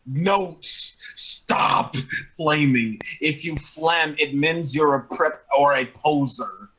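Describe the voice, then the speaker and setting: A man's voice: a little high, slow, bright, forceful tone, slightly rough, low-quality recording. A man on a comedy podcast reading a fan fiction aloud, exasperated and stumbling over words.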